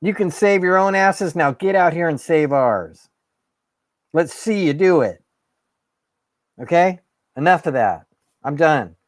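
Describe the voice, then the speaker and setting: A man's voice: fairly high pitch, animated, measured pace, long pauses, no room sound, studio quality. A man hosting his own show, ranting in a fired-up, sarcastic way and swearing. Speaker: host. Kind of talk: ranting monologue.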